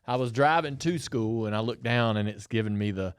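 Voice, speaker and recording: This is a middle-aged man with a drawl, telling a story on a podcast in a relaxed, chatty way. He acts out what other people said as he talks. The mic is close and the sound is dry. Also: on the low side, brisk, clear, resonant tone, no room sound. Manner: animated storyteller, acts out quotes. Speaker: podcast co-host. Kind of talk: casual storytelling chat.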